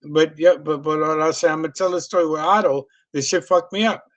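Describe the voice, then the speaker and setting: A man's voice: fairly high pitch, fairly even intonation, brisk, fairly bright tone, dry recording. A middle-aged man, a comedian, telling a long profane story in a loose, rambling way. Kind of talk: casual storytelling on a video call.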